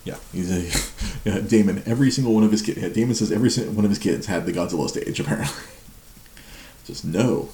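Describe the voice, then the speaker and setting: Speaking quickly in a lowish, dark-toned voice, a man runs a live show full of easygoing chatter. He wanders off topic, laughs a lot and stammers into repeats, all in an echoey room with a little background noise.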